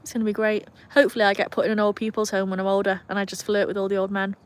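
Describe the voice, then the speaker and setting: A woman's voice: medium pitch, flat delivery, very fast, smooth. A young British woman talks casually into her phone on an outdoor live stream. Her chat wanders and pokes fun at herself, and she reads out her viewers' comments as she goes. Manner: chatty, self-mocking, reads viewer comments aloud. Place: outdoors in cold weather with her dogs.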